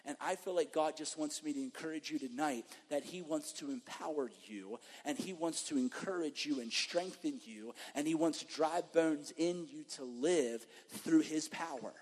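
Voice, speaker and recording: A male guest preacher with a somewhat high voice delivers an emphatic sermon and slides into animated storytelling. The sound carries a long, lingering reverb from a church sanctuary. His delivery keeps pressing on each point. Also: normal speed, hardly any pauses, breathy edge. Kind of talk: sermon and testimony.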